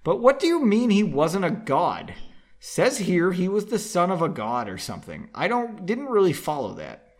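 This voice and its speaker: An earnest young man from a storybook who presses his companion with insistent, puzzled questions, read out by a man. The voice sits a little high and moves lively. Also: normal speed. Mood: probing.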